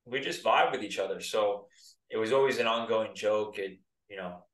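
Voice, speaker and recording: An interview guest in his thirties from the United States, once a pro soccer player, chats casually at a moderate pace. His pitch is fairly low and his tone fairly bright, and he rambles in a relaxed way. Roomy sound from a distant mic.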